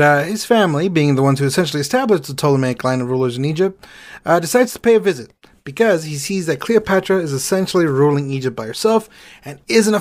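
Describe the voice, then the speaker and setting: Co-host: playful, animated storyteller. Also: mid-range voice. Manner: playful, punny, casual. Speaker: podcast co-host. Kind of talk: comedic history storytelling.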